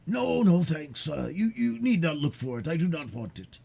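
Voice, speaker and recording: Man voicing a frail old father, stammering, gentle, husky. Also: fairly high pitch, big pitch swings, pitched above the performer's own voice, heavily acted. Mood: protesting. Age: older. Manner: halting, stammering.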